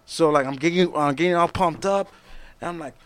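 A man's voice: a little high, a little fast, clean tone. A man telling a stage story in casual chat, swearing a lot and acting out the people in it. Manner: profane, animated storyteller. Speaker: musician guest.

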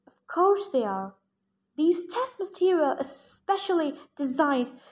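Lady doing a prim snippy sphinx monster, high voice, storybook reading. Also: sing-song, full character voice. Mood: indignant. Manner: prim, snippy, quick to take offense. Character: fussy female monster Sphinx, testmaster.

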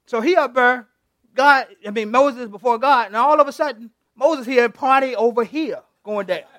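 High-voiced pastor preaching in a dry room. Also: male voice, normal speed, fairly bright tone, dry recording. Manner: conversational, teasing the congregation, retells scripture with playful voices. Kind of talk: interactive sermon.

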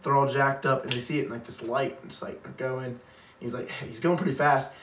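Talking a little fast in a steady, fairly bright medium-pitched voice, this young podcast co-host rambles through a long story, saying "like" constantly and laughing a lot. It's a casual chat captured on a distant mic in a roomy space, with faint noise behind.

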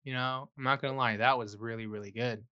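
A man's voice: mid-range voice, steady tone, quick pace, bright, forceful tone, clear, resonant tone, dull audio. A man co-hosting a whiskey podcast in casual chat, teasing and joking. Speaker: podcast co-host.

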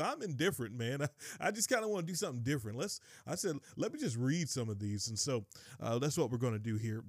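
A man from North Carolina with a rural Southern accent, hosting a casual Bible teaching podcast in a lively, folksy way, rushing through asides and slowing down for scripture. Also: medium pitch, dry recording, studio quality. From Kinston, North Carolina, USA. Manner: lively, folksy, swings between fast asides and slow emphatic reading.

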